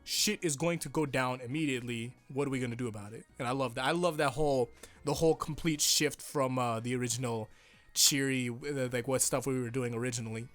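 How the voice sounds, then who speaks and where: A young man reviewing an anime episode in casual chat, rambling with lots of swearing and hyped excitement. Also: mid-range voice, a little fast, faint music behind.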